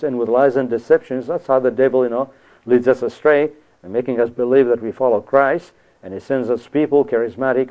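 A man leads a verse-by-verse Bible study in a rambling teaching manner, dropping "you see" and "you know" between his points. His voice sits at an ordinary middle pitch. The sound is narrow and tinny, like a phone line. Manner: digressive, frequent "you see" and "you know" asides.

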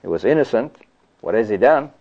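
A man preaches a sermon in a conversational way, at a mid pitch, often adding "you see" and "you know". His voice comes through a slightly muffled, lo-fi recording. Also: expressive, a little fast. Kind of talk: sermon on scripture.

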